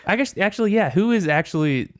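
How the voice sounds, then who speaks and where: A man's voice: sits high, lively intonation, fast, no room sound. Dry, sarcastic-sounding male podcast host. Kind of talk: casual chat.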